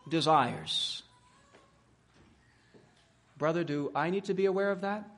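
A man preaching a sermon at a conference, building up emphatically with slowed, stressed words and rhetorical questions. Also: on the high side, animated, a bit bright. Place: conference hall.

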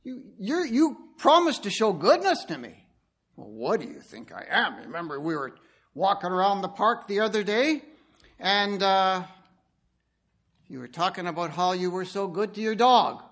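A man's voice: high-pitched, animated, normal speed, a bit bright. A man voicing an upset bride at a wedding who complains indignantly to her groom. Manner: complaining, exasperated.

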